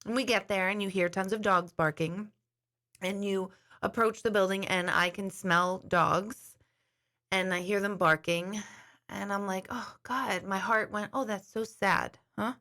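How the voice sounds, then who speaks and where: A woman's voice: mid-range voice, fairly even intonation, a little slow, pushed and bright. A middle-aged woman host chatting casually to her viewers, telling a long rambling story. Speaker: intuitive host.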